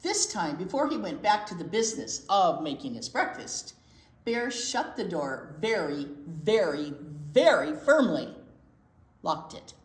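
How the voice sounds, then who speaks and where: Slow, expressive woman reading to children. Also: fairly low pitch. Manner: unhurried, expressive reading to young kids. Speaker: children's librarian. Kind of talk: children's read-aloud storytime. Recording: roomy echo.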